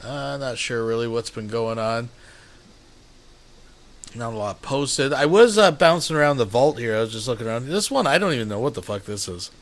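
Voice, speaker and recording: A man's voice: mid-range voice, expressive, moderate pace. Rambling, profane man hosting a stream. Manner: rambling, profane, addresses viewers as folks. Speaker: streamer host. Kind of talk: casual reaction commentary.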